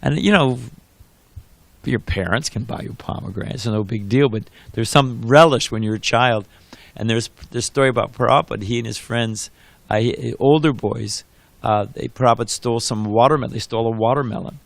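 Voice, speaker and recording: A man speaking in a devotional class, his voice gravelly with fry. The sound is close and dry. He tells anecdotes in a conversational, rambling way. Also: mid-range voice, brisk, no echo.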